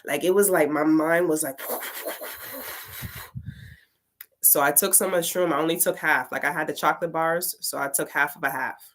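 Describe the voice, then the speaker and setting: A woman tarot reader and poet telling a casual story, full of "like" fillers and swearing. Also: sits low.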